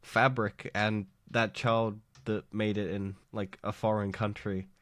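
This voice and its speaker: A man's voice: lowish voice, flat delivery, measured pace, a bit bright, no room sound, studio quality. Sick man rambling on a podcast. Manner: jokey, laughs often, rambling with fillers. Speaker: podcast co-host. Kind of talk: casual podcast chat. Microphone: studio microphone.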